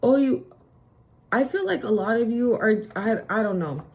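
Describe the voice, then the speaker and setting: A woman's voice: a little high, lively intonation, normal speed, muffled recording. A young adult woman giving a casual spiritual reading, chatty and emphatic, with slangy fillers. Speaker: spiritual reader. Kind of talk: casual tarot-style channeled reading.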